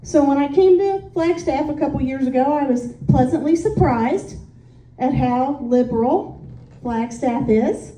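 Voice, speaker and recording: A woman from Indiana delivers a stand-up set in a high, mellow voice, taking her time. She rambles through stories in a friendly, self-deprecating manner with plenty of "um"s. The sound is distant and echoey.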